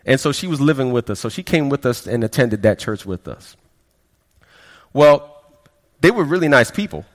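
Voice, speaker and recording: A man's voice: mid-range voice, lively intonation, normal speed. A man giving a sermon testimony, telling his story in a conversational way, often stammering over repeated words. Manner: conversational storytelling, frequent stammered repeats, quotes people in quieter voices. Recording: long hall reverb.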